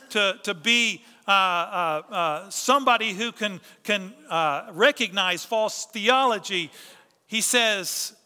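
A man with a high, piercing, bright voice preaching a sermon. He drives his points home with rhetorical questions and repeated phrases. His voice carries a long reverb, as if it fills a big hall. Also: clear, resonant tone. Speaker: pastor.

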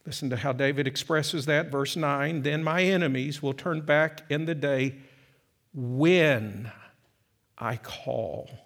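A middle-aged man preaching a sermon, swinging from loud emphatic peaks to soft, slow passages. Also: a little high, fairly even intonation. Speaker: pastor.

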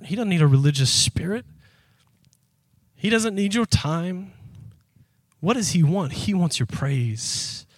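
A pastor and youth worker preaches a sermon, speaking straight to his congregation in an impassioned, emphatic way. His voice is a little high, and the recording is dry.

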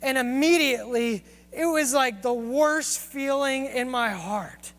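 A man's voice: very high-pitched, unhurried, fairly bright tone. A man preaching a sermon and telling personal stories in an earnest, confessional way. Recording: long hall reverb.

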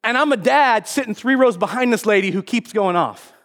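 Middle-aged pastor, man with a very high voice, playful and animated, good for a sermon opener. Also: a little fast. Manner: animated, joking storyteller.

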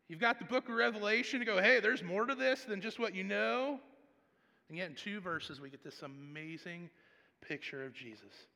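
A man preaching from the pulpit with a gravelly, bright edge to his voice. He tells his story in swings from hushed reflection to loud, animated outbursts, and his words ring out with the long reverb of a large sanctuary. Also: high-pitched, moderate pace. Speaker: pastor. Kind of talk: sermon.

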